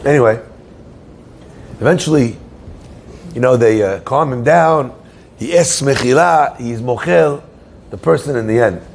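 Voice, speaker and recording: A man's voice: mid-range voice, unhurried, creaky, pauses often, slight background noise. A man preaching as a rabbi, telling a story in his sermon and putting questions to his listeners. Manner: animated storyteller who asks the listeners questions.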